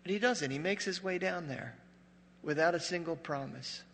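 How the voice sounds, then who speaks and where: Man, pastor, sermon, joking conversational storytelling, slightly high voice, long hall reverb. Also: moderate pace, slight background noise. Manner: conversational, joking storyteller who drops to a hush for dramatic moments.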